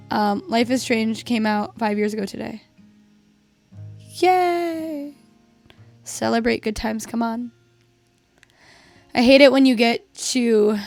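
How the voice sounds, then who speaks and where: A young woman's slightly high, creaky voice carries this casual live stream, where she teaches a game, talks with viewers, and swears at it. Faint guitar music is audible in the background.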